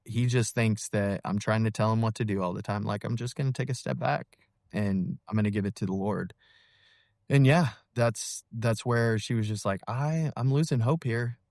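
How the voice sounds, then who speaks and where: Podcast guest, man, thirties, low voice, candid and halting, dry studio sound. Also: vocal fry, darkish tone, no echo. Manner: earnest, halting, many fillers and restarts. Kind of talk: personal testimony in an interview.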